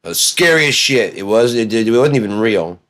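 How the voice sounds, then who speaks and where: A man in a profane, rambling monologue that swings between low mutters and excited yelling. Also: normal speed.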